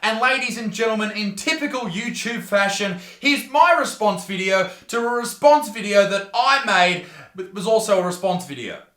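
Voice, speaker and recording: A man's voice: high-pitched, expressive, moderate pace, bright, forceful tone, roomy sound. An Australian man doing sweary, mocking comedic reaction commentary, ranting in bursts. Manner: mocking, profane, rants in bursts. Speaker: YouTube comedian.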